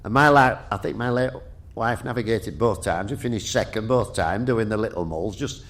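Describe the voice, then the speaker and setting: An older man, telling lively stories in casual conversation. He breaks into laughs and restarts his sentences as he goes. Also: lowish voice, moderate pace. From Yorkshire. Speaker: guest, retired rally driver. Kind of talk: casual anecdotal storytelling.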